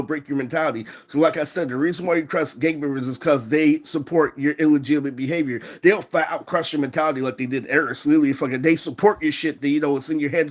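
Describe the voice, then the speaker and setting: A young man ranting on a livestream, rambling and profane with constant fillers. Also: a little high.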